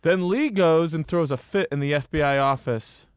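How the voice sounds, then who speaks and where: A young man co-hosting a podcast in casual chat, animated, ranting and teasing his friend. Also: a little high, clean tone, dry recording, studio quality. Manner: animated, quick to rant and tease. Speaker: podcast co-host.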